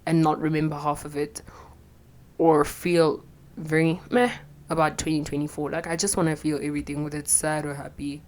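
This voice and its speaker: A woman's voice: deep voice, little pitch movement, brisk, darkish tone. A young woman, talking bluntly and profanely in a rambling confessional vlog, her voice a little shaky with anxiety. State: anxious, voice shaky. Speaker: vlogger.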